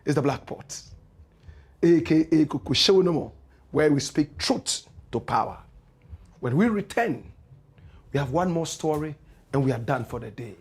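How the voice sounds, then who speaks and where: A man with a high voice and a Ghanaian English accent hosts a political commentary show. He preaches with passion, driving each point home through repeated rhetorical refrains. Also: expressive, normal speed, long pauses, darkish tone. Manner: impassioned, preachy, repetitive rhetorical cadence. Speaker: radio and online show host.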